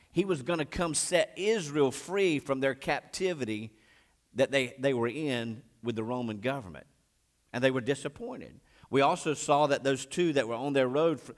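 A male pastor preaching a sermon in a voice of ordinary pitch. He retells a scripture story with strong swings, climbing high and loud, then dropping soft and low. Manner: expressive preaching, voice rising and dropping sharply while retelling scripture; married.

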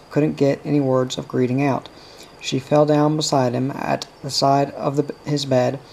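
Gravelly, dark-toned man reading a novel. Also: medium pitch, rough recording. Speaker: audiobook reader.

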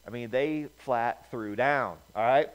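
A male pastor preaching a sermon in a storytelling manner, swinging between loud bursts and quiet asides. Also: mid-range voice, measured pace, clean tone, rough recording.

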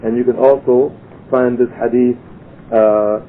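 A man giving a religious lecture, teaching carefully and slowing down to demonstrate pronunciation. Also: steady tone. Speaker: Islamic lecturer. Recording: tinny phone-like lecture recording with faint rumble.

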